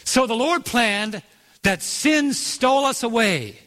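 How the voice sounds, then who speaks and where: A man's voice: very high-pitched, lively intonation, slow, sharp tone. A man preaching a sermon, telling a story and drawing out key words, asking the congregation to fill in answers. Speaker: pastor. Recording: long reverb of a large hall.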